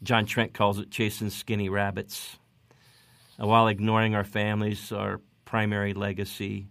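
A man hosting a faith-based radio interview who eagerly and quickly prompts his guest. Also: lowish voice, monotone, vocal fry, a bit bright, no echo. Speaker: radio host.

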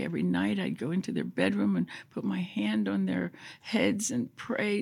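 Older woman, interview guest, emotional testimony, husky, fairly low voice. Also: expressive, normal speed, hardly any pauses, a little mellow. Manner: emotional, sometimes dropping to a whisper.

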